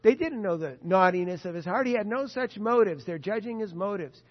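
A man's voice: high voice, lively intonation, fairly quick. A man preaching a sermon, earnest and emphatic, repeating his key points. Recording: dull lo-fi sound with long hall reverb.

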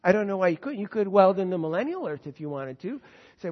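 Lively preacher in a reverberant hall. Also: male voice, high voice, fast. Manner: enthusiastic, conversational, talks directly to the audience. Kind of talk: sermon on heaven and the new earth. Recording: muffled sound with long hall reverb.

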